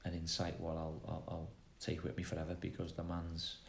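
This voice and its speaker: A man with a Liverpool accent chats easily as an interview guest, wandering through his answers. His voice sits a little low. The room around him is noticeably echoey. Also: monotone, a little fast, creaky. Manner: chatty, rambling answers. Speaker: football manager, guest. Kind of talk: casual interview chat.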